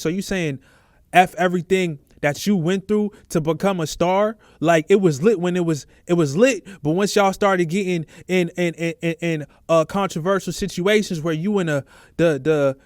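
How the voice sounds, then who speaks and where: Guy with AAVE ranting on camera, higher voice, dead dry mic. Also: no echo. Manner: emphatic, repetitive, conversational. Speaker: commentary host. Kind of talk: street culture commentary.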